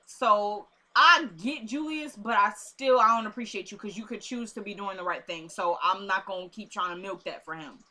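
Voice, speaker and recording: A young woman chats her way through a TV episode recap, her voice bright and punchy. She talks like a storyteller, slipping into the characters' lines as she goes. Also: medium pitch. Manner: chatty storyteller who acts out the characters' lines. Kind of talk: casual recap chat.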